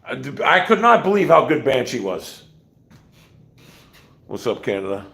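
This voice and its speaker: A man's voice: mid-range voice, very animated, a little slow, vocal fry, fairly bright tone. A man hosting a casual livestream, ranting bluntly with profanity and rambling asides. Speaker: livestream host.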